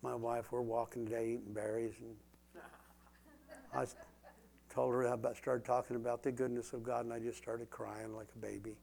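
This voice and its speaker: A male preacher delivering a live sermon with prayer, dropping to whispered prayers and rising to loud declarations. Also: medium pitch, flat delivery, normal speed, gravelly.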